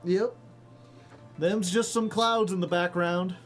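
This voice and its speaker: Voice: mid-range voice, steady tone, slow, faint music behind. A streamer giving casual, rambling commentary on a card game, joking and laughing often.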